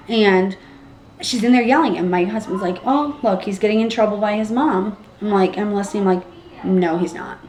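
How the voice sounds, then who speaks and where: A young pregnant woman vlogging casually, animated and acting out what people said with big jumps in her voice. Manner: animated, acts out quotes with big pitch jumps. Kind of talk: casual storytelling vlog. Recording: echoey room with faint background hum.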